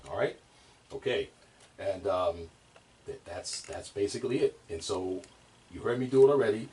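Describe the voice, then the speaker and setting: A man teaching bass drum technique in a casual, rambling way, with many fillers and restarts. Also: lively intonation, normal speed, background noise. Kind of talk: casual instructional talk. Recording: distant mic, drums playing.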